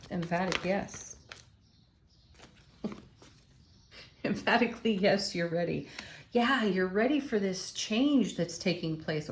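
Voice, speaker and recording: A woman's voice: on the low side, slight background noise. A woman giving a spiritual tarot reading, enthusiastic and affirming as she exclaims over the cards. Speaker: tarot reader.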